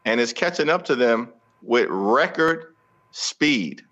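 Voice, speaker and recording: A man speaking as a guest politician in an interview, forceful and rhetorical with a speechmaking cadence. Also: medium pitch, lively intonation, slow, dull audio.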